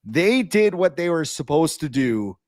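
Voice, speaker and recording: A man's voice: a little high, a little slow, dry recording. A young man co-hosting a casual sports podcast, talking animatedly and joking around. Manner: animated, jokey, acts out quoted voices. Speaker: podcast co-host.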